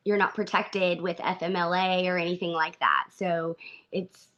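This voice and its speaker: A woman's voice: mid-range voice, fairly bright tone. Earnest woman guest, slightly muffled. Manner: earnest, halting, frequent restarts. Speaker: podcast guest. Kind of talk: conversational interview.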